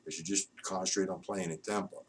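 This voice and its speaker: Low-voiced drum teacher counting beats. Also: male voice, brisk, distant mic, a little hiss or hum, rough recording. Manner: steady counting aloud, plain instructive. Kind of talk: spoken drum lesson with counting.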